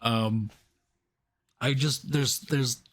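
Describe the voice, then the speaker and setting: A man's voice: mid-range voice, steady tone, very slow. A man co-hosting a casual movie review podcast, chiming in with dry, sarcastic asides. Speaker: podcast co-host.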